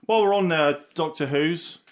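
A man co-hosting a casual film podcast, who swears freely and tells stories in an animated way. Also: on the high side, normal speed. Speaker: podcast co-host.

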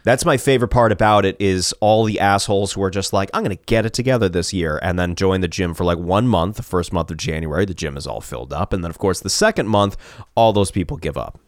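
A man's voice: deep voice, quick pace, dry recording, studio quality. A man co-hosting a podcast, chatting casually in laid-back, agreeable banter. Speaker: podcast co-host. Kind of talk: casual chat.

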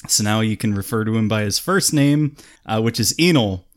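A man co-hosting a casual podcast who talks in a relaxed way, with many "uh" pauses and chuckles. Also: on the low side. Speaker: podcast co-host. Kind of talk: casual chat.

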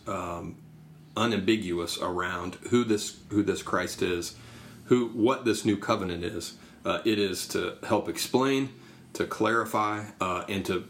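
A man with a very deep voice explains scripture in a measured, teacherly way, pausing often on fillers. A faint room hiss sits behind him. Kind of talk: casual discussion.

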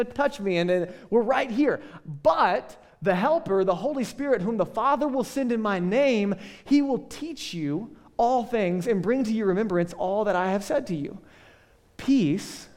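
A male pastor giving a casual, conversational sermon, full of joking asides and quick checks with the listeners. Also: sits high, a little mellow, big-room sound.

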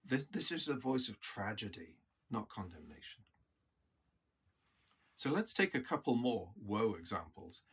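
A man's voice: fairly low pitch, very animated, measured pace, long pauses, a bit bright, slightly rough. A man preaching a reflective sermon in an earnest, teaching manner.

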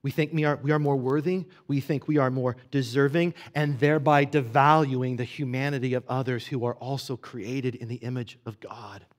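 A man preaching a sermon in a conversational way, asking rhetorical questions and moving between hushed asides and emphatic stretches. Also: medium pitch, fairly even intonation, moderate pace, few pauses. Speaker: pastor.

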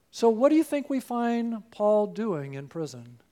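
A middle-aged man, a pastor, preaching a sermon that swings from hushed to loud. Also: sits high, very animated, measured pace, few pauses.

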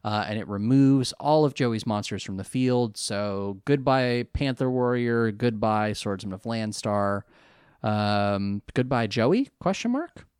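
A man's voice: fairly low pitch, animated, unhurried, darkish tone, smooth, no echo, studio quality. A man co-hosting a casual chat podcast, recapping an episode with frequent laughter and goofy character voices. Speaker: podcast co-host.

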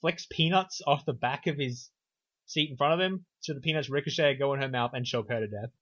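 A podcast co-host recaps a film in casual chat, his mid-range, slightly bright voice moving briskly. He's sarcastic, offhand and profane, and the recording sounds dull and lo-fi.

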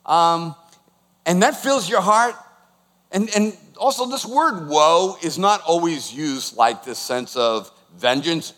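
A man in his sixties preaching with a somewhat high voice. He is animated and emphatic as a pastor. He keeps putting questions to the congregation. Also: takes it slowly, big-room sound. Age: 60s. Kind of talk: sermon.

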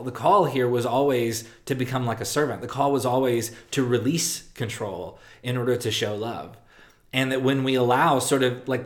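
A man giving a sermon at a middling pitch. He hesitates often and circles back over his words, then lets each phrase sink low and quiet at its end. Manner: halting, many fillers and restarts, soft drop at phrase ends. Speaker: pastor. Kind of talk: sermon with a read passage.

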